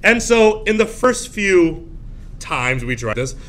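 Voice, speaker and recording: A male teacher giving a classroom lecture, animated, often jumping into high shrill voices to act out scenes. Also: takes it slowly. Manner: animated, acts out shrill voices of frightened girls.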